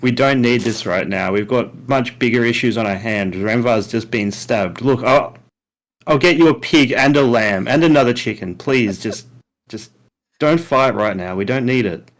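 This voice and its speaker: A man's voice: medium pitch, normal speed, close to an everyday voice. A man voicing a worried male adventurer in a tabletop game, earnestly pleading with a companion to stop fighting. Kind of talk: tabletop role-play.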